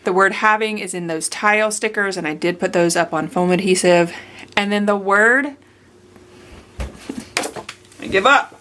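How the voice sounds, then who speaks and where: Slow-talking woman muttering through bloopers. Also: medium pitch, bright, forceful tone, slight background noise. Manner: stumbles over words, corrects and talks to herself. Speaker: scrapbooking channel host. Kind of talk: casual voice-over with bloopers.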